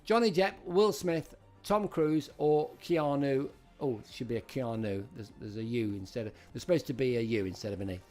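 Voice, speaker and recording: A man's voice: medium pitch, expressive, brisk, hardly any pauses, darkish tone, faint music behind. A middle-aged man hosting a live-streamed retro quiz, chatting and greeting viewers by name as he reads out questions. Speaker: host.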